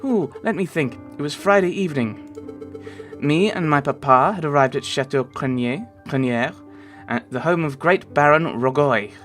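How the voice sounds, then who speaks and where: A man's voice: a little high, moderate pace, fairly bright tone, soft background music, natural voice. A man voicing a young girl, a polite and anxious heiress, telling her story sweetly and breathlessly. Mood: earnest.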